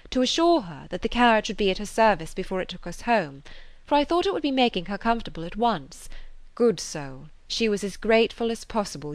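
A woman reading as a kindly middle-aged woman who speaks in a measured, gently persuasive way. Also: medium pitch, dry recording, lightly acted. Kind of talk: audiobook character reading.

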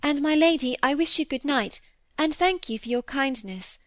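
A woman's voice: high-pitched, normal speed, dry recording, studio quality, voice pushed up. A woman reading an audiobook, voicing a shy young girl who speaks timidly and pleadingly, in a voice raised well above her own. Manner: pleading, timid, tearful when excited.

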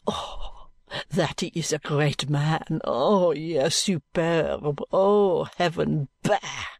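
A man's voice: fairly high pitch, slow, vocal fry, breathy edge, dry recording, clean studio sound, heavily acted. A man putting on a furious maid. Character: fiery young French lady's maid, furious and scornful.

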